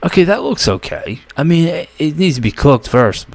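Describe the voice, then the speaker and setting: A man's voice: fairly high pitch, very animated, normal speed, slight background noise. An American man giving casual reaction commentary, with joking, incredulous asides. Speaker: reaction video host.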